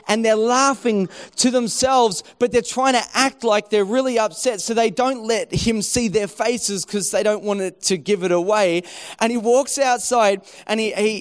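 A middle-aged man preaching a sermon, telling a story with lively acted-out quotes. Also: very high voice. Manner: animated storytelling, acting out quoted voices. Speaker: pastor.

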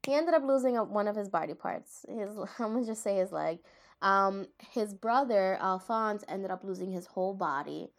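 A woman's voice: mid-range voice, expressive, moderate pace. Rambling, giggly woman vlogger. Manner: rambling, giggly, often stops to correct herself. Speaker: anime vlogger. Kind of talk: casual chat.

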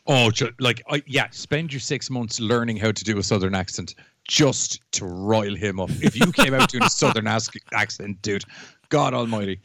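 A deep-voiced man trades jokes on a casual show. He teases his co-host and laughs easily. The sound is dry and close. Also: lively intonation, moderate pace, sharp tone, no room sound. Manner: laughing, teasing, playfully petty. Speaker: podcast co-host. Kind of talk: casual banter.

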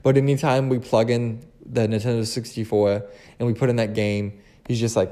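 A man's voice: on the low side, flat delivery, fairly quick, dark tone. A young man with a slight lisp, hosting a casual solo podcast chat, rambling and restarting his sentences often. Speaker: podcast host.

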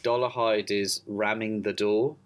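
A man's voice: fairly low pitch, steady tone, unhurried. A man co-hosting a casual film discussion, hesitant, repeating words and laughing often.

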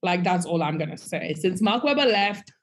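A woman co-hosting a podcast in casual chat, animated, breaking into sung bits and mock quotes. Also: on the low side, moderate pace, a little hiss or hum. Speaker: podcast co-host.

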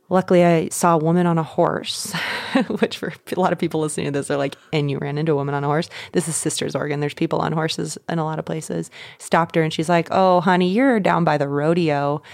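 A woman in her thirties, a podcast guest, telling a personal story in an animated way, laughing often and acting out her own thoughts. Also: sits low, creaky, no echo, studio quality. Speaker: podcast guest, runner and coach. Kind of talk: casual storytelling.

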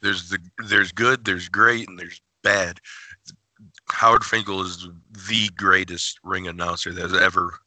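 A man's voice: sits low, flat delivery, measured pace, sharp tone, no room sound. A man on a podcast speaking casually and emphatically about his favorites. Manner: emphatic, enthusiastic.

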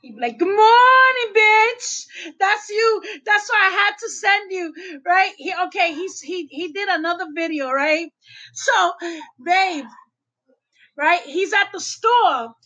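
A middle-aged woman chatting to her viewers on a call, animated as she retells a funny guy's videos and quotes him loudly. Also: very high-pitched, takes it slowly, low-quality recording. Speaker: vlogger talking to viewers. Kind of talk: casual chat on a call.

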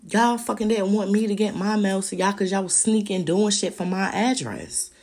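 Woman, solo podcast host, husky and raspy, heated profane ranting. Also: medium pitch, moderate pace, darkish tone.

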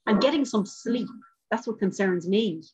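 A woman's voice: medium pitch, moderate pace, a little hiss or hum, lightly acted. A woman voicing a blunt, hot-headed woman. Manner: blunt, sharp-tongued. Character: hot-headed petite young Irish woman.

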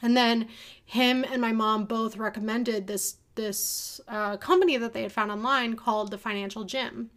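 A woman's voice: fairly high pitch, fairly even intonation, normal speed, a bit bright. A young woman talking casually and candidly about her own experience, at times emotional. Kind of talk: personal storytelling monologue.

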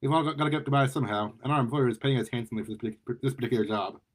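A man's voice: mid-range voice, very fast, natural voice. A man reading aloud and voicing a smug, mocking female super-powered thief in a raised voice. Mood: nonchalant. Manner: nonchalant, mocking.

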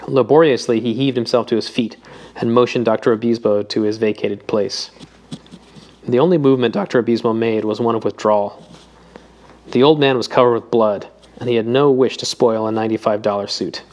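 A man reading a novel aloud in a measured, even narration. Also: medium pitch. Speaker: audiobook reader. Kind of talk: scripted narration.

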